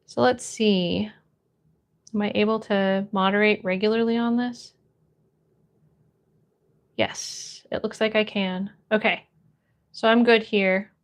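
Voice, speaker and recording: A young woman chatting casually on a live stream, reading chat aloud and greeting viewers with bright, bubbly hellos. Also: mid-range voice, steady tone, takes it slowly, long pauses.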